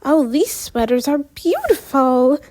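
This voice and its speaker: A woman's voice: high-pitched, sing-song, slow, darkish tone, voice pushed up, heavily acted. A woman voicing Meredith, a chatty, upbeat teenage girl who gushes eagerly to her friend in a storybook reading. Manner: gushing, eager.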